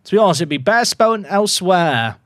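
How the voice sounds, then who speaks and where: A man's voice: high voice, expressive, a little fast, a bit bright, dry recording. A man casually commentating on his football management game, chatty and full of joking asides to his viewers. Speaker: gaming YouTuber.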